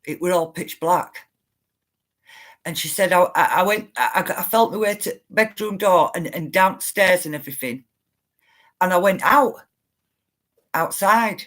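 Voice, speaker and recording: A woman's voice: on the low side, measured pace, long pauses, a bit bright. Woman, middle-aged, insistent vlogger talking straight to her viewers. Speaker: spiritual livestreamer. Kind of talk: emotional storytelling to viewers.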